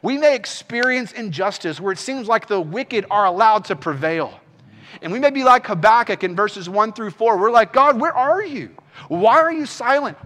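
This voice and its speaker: A man's voice: on the high side, a bit bright, big-room sound. A man preaching an earnest sermon as pastor, rising into impassioned pleas.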